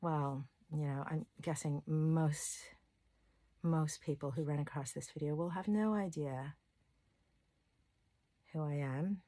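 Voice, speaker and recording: Low voiced woman rambling candidly into her vlog, dry close sound, gets emotional easy. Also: steady tone, takes it slowly, long pauses, mellow, no room sound. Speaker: self-love coach and channel host. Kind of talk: casual personal vlog monologue.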